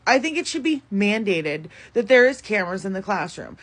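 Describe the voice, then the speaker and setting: Mom in her 30s, casual vent monologue, mid-pitched voice, fed up and filler-heavy. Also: very animated, fairly bright tone. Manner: frustrated, talks fast with many fillers like "like" and "you know". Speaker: parent telling a story.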